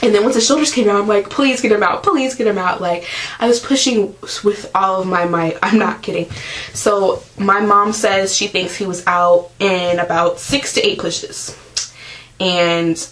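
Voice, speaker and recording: A woman's voice: medium pitch, steady tone, fairly bright tone, low-quality recording. A young woman telling a personal story to her viewers in a chatty vlog, filling her talk with "like" and acting out what she screamed. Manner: chatty, fills every pause with "like"; acts out her own screaming quotes. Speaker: vlogger. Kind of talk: casual storytelling to camera.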